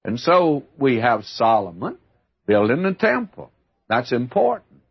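A man's voice: mid-range voice, very animated, a little slow, husky. An older man teaching the Bible in a folksy, emphatic way, calling the listener "my friend". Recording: dull lo-fi archival recording.

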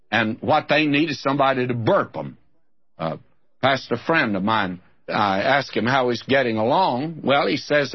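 Husky, animated man preaching on radio. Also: mid-range voice, dull audio. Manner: folksy, emphatic preaching with lively rises for scripture. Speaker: radio Bible teacher. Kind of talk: sermon.

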